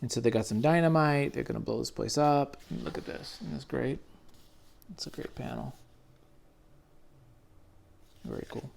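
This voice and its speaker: A man's voice: medium pitch, fairly quick, vocal fry, darkish tone, slight background noise. A man enthusiastically retelling a comic book story in casual, slangy commentary with frequent swearing. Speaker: comics reviewer.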